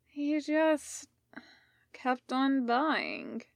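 Woman doing a drunk young musician guy, slurry and sloppy, slow and dry. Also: high voice, big pitch swings, no room sound, voice pushed up, full character voice. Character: young man, tipsy carefree musician.

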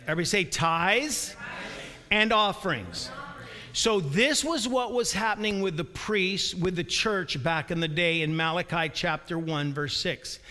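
A man preaching a sermon in a church, energetic and calling for responses from the congregation. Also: high voice. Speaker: pastor. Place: church sanctuary. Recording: long reverb of a large hall.

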